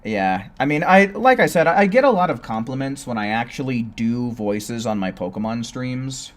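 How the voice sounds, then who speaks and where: A man's voice: mid-range voice, lively intonation, moderate pace. A laid-back young man from California with a neutral American accent, chatting casually with his live-stream viewers while playing a game. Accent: General American.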